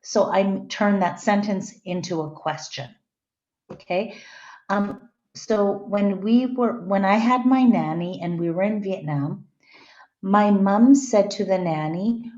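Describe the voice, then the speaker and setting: A woman's voice: medium pitch, slow pace, a little mellow. A middle-aged woman giving a conversational classroom lecture and checking in with her students. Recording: echoey, dull lo-fi room recording.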